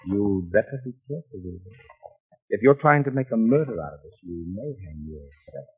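1940s radio drama: a calm, probing lawyer, slightly low husky voice, phone-thin broadcast sound. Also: male voice, soft background music. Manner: probing, measured. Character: shrewd calm male lawyer probing a suspect. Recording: tinny old radio broadcast.

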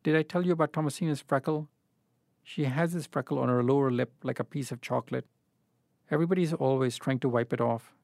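A man's voice: medium pitch, brisk, gravelly, darkish tone, no echo, close to an everyday voice. An anxious young woman who badly wants a baby, read by a man in his own voice. She sounds nervous and pleading. The recording is dry and close.

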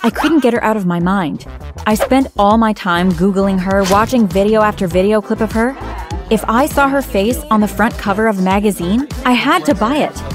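With music playing in the background, a young woman tells her own story as narrator and lead character, voicing her lines with emotion. She speaks at normal speed in a mid-range voice.

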